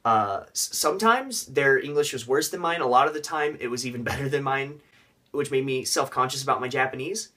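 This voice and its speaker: A man's voice: mid-range voice, a little fast, bright, forceful tone. A young man casually vlogging tips on learning a language, with joking, rambling asides.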